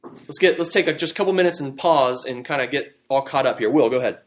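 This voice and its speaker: A man teaching a Bible study class, talking in a conversational, animated way with fillers and restarts. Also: mid-range voice, fast. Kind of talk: classroom Bible lesson with fill-in notes.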